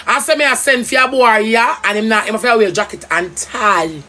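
A woman's voice: on the high side, fairly quick. Angry cursing Jamaican woman. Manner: angry, cursing, loud and swooping. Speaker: livestreamer. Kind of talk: heated livestream rant.

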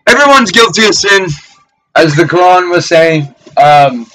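A man preacher delivering a fiery, profane sermon, ranting, cursing and often shouting. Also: high voice, expressive, measured pace, slight background noise, rough recording.

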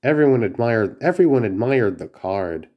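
A man's voice: mid-range voice, big pitch swings, moderate pace, muffled recording. A man reading a children's storybook aloud, carefully, with small slips and restarts. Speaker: narrator.

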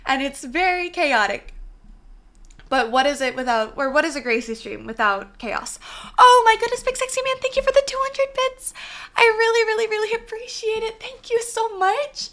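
A young woman streaming from a small bedroom alcove, chatting casually and thanking viewers effusively, her voice slightly hoarse. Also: sits high, sharp tone. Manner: bubbly, effusive thanks to chat. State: slightly hoarse, voice partly gone. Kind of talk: casual live-stream chat.

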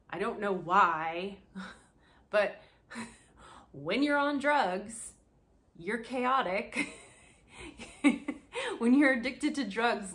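A woman's voice: lowish voice, a bit bright. A young woman giving casual commentary, sarcastic and swearing freely, breaking into laughter often. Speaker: commentary channel host.

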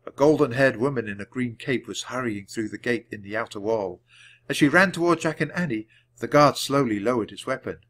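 A man reading a children's chapter book aloud, clearly and deliberately, for language learners. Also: mid-range voice, a bit bright. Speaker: storybook reader. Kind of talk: storybook read-aloud.

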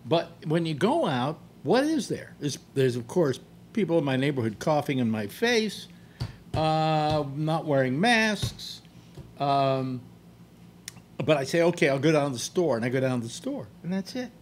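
A man's voice: on the high side, sing-song, measured pace, slight background noise. An older man hosting a talk show, rambling bluntly and grumbling through restarts. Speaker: radio talk show host. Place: apartment.

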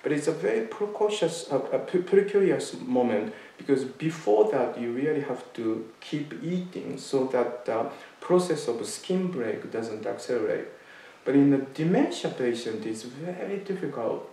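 A man tells a personal story as a Zen talk, stopping and restarting with frequent fillers. His voice sits at an ordinary pitch. He is heard from a little way off, in a room with heavy echo. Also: animated, warm tone. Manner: halting, many fillers and restarts. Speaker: Zen teacher giving a talk. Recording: echoey room, mic at a distance.

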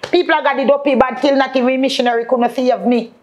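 Speaking in patois with a Jamaican accent, a woman shares a moving testimony as a guest and repeatedly addresses the faithful. Her voice is high and steady, her pace quick, and the high frequencies are cut off.

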